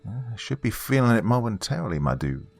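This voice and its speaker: A man's voice: mid-range voice, very animated, brisk, creaky, slightly rough, voice pushed up, exaggerated voice. A man voicing a laid-back young male stoner buddy who talks in a casual, slangy drawl.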